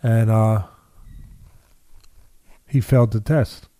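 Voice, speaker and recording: An older man tells his story in a dark, mellow voice, recorded close and dry. He talks emphatically, repeating key phrases and acting out the voices of people he quotes. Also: on the low side, steady tone, takes it slowly, no room sound. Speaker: boxing trainer guest. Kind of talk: storytelling interview.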